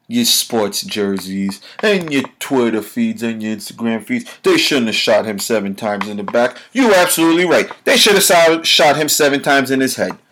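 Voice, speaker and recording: A man hosting his own podcast, delivering a blunt, profane, confrontational solo rant full of rhetorical questions aimed at his listeners. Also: mid-range voice. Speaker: podcast host.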